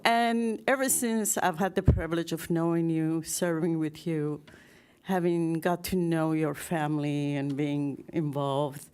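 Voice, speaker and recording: A woman at a city council podium speaking in tribute, sincere and halting, often pausing with "um". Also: deep voice, fairly even intonation, smooth. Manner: halting with many fillers, warmly sincere. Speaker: public commenter. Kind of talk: public comment tribute.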